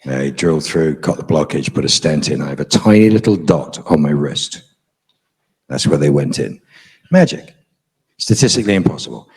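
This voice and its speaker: A man's voice: a bass voice, expressive, normal speed, darkish tone, husky. A middle-aged man, a guest on a convention panel, telling a story to a live audience in a frank, profane, dryly humorous way.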